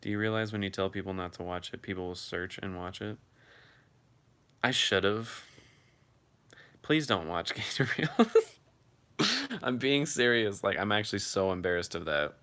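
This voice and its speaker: A man's voice: fairly low pitch, moderate pace, long pauses, a bit bright. A man hosting a casual live chat, reading viewer comments aloud and answering them in a loose, freely swearing way.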